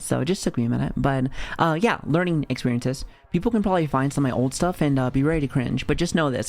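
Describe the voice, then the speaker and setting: An American man with a mid-range voice, recorded without echo, is livestreaming and reacting to his chat. His casual talk rambles and swears, packed with fillers and restarts.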